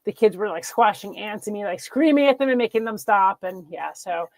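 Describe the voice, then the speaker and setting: A woman hosting a casual interview, speaking at a middling pitch. Her sound is dry and close, and she chats with easy agreement, laughing often and filling in with little asides. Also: animated, a little fast, dry recording. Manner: warmly agreeing, frequent laughs and fillers. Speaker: podcast host.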